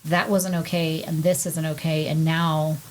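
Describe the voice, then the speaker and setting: A woman's voice: low voice, little pitch movement, measured pace, a little hiss or hum, rough recording. A woman co-hosting a podcast, frankly talking through ideas at length in a casual chat. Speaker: podcast co-host.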